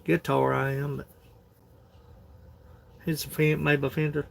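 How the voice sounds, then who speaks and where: A man's voice: a little high, flat delivery, a little slow, creaky. A man, chatting casually on a phone livestream in a rambling, folksy way, laughing often. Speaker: livestream host.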